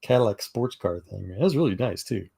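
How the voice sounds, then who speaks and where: A man's voice: on the low side, animated, brisk, creaky, mellow, husky. A middle-aged man from Texas telling rambling stories in a casual chat, with many fillers and restarts. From Texas, USA. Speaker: chat room participant.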